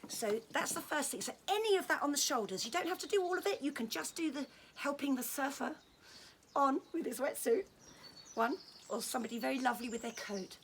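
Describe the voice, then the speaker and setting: A fairly high-voiced woman talks through a touch-therapy demonstration in a gentle, chatty way, tossing in little jokes as she goes. There is a faint hiss of noise behind her voice. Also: expressive, a little fast. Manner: gentle, friendly, joking asides. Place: indoors at home during lockdown.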